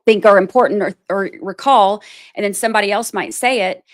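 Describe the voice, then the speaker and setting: A woman's voice: mid-range voice, fairly quick. A woman hosting a livestream, chatting casually about a court case. She rambles, thinks aloud and fills her talk with "like" and "you know.". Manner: self-deprecating, thinks aloud. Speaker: livestream host commenting on a trial. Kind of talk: casual livestream commentary, reading chat aloud.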